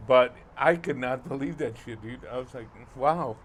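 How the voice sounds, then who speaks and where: A middle-aged man, chatting casually on a podcast. He rambles through his stories with swearing and plenty of ums, his voice at an ordinary pitch, and faint noise hums under the recording. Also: normal speed. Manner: swearing, rambling storyteller with many fillers. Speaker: podcast co-host. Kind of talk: casual chat.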